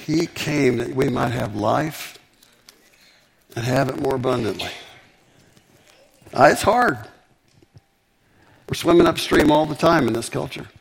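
A man preaching a sermon with emphatic, animated delivery and frequent repetitions. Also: medium pitch, a little slow, vocal fry, long pauses, slightly rough.

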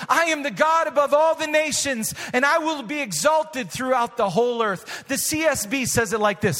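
High-voiced man preaching in a hall. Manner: impassioned preaching, swells to shouts then drops soft; drawn-out emphatic reading of scripture. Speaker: pastor. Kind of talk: sermon. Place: church sanctuary. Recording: long reverb of a large hall.

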